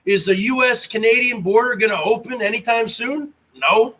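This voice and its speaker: A man's voice: very high-pitched, moderate pace, sharp tone. An American man hosting a casual livestream, reading chat and taunting viewers by name. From United States. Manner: mocking, taunting, talks straight to chatters.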